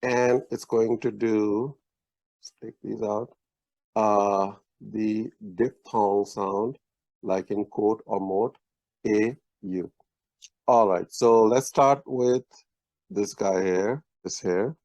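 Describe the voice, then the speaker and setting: A man's voice: on the low side, steady tone, slow, darkish tone, no room sound. A man teaching a language lesson, explaining patiently with many fillers and restarts. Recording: dull lo-fi online lesson audio.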